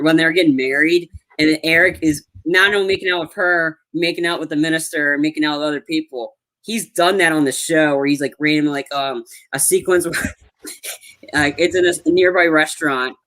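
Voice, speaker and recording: A man's voice: a little high, sharp tone. A man co-hosting a movie review podcast, retelling scenes in a rambling way with lots of fillers. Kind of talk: casual chat.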